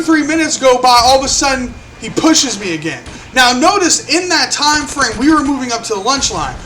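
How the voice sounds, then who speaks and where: A man's voice: very high voice, slight background noise. A young man telling a story in a casual, profane way, acting out what people said. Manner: animated, profane, acts out quotes. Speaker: vlogger.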